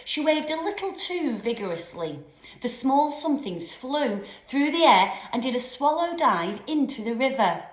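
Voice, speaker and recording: A woman teacher reading a children's novel aloud with expressive storytelling. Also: sits high, normal speed. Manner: expressive storytelling with lively voices. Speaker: primary school teacher. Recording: roomy echoey room.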